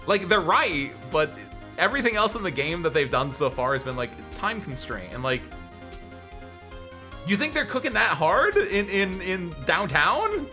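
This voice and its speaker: A man's voice: high-pitched, very animated, measured pace, pushed and bright, soft background music. A man streaming a live game playthrough, commenting casually in a rambling, filler-heavy way.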